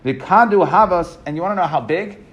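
Man teaching a text, halting restarts. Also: sits high, fairly bright tone. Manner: reads Aramaic text aloud then explains in English, halting with restarts. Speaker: Talmud teacher. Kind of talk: casual explanatory class.

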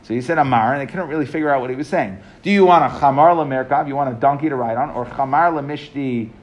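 Male teacher, mid-pitched, reads and explains in a relaxed, halting classroom style. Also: lo-fi sound. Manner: reads Aramaic text aloud then explains in English, halting with restarts. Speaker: Talmud teacher.

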